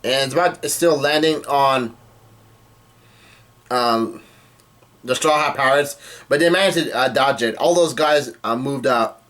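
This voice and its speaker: Guy rambling thru a manga recap, lots of uh's and restarts, regular pitch. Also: fairly bright tone. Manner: rambling, halting with frequent fillers and restarts. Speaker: manga chapter reviewer. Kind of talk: casual spoken recap.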